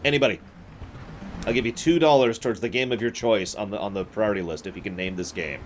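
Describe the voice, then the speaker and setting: A man's voice: lowish voice, fast talker, noisy background. A man chatting casually with viewers while playing a game on a live stream, self-deprecating and prone to sudden outbursts. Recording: game music behind.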